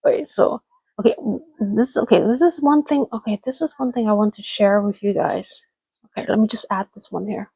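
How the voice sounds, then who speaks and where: A woman's voice: mid-range voice, fairly quick, dark tone, slightly rough, no room sound, poor audio. A woman hosting a casual livestream chat, rambling and laughing often as she reads out viewers' messages. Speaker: livestream host.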